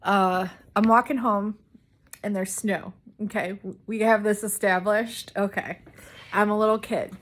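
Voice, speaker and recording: A woman's voice: medium pitch, steady tone, unhurried. A woman vlogger casually telling a personal story, rambling with many "like"s and restarts.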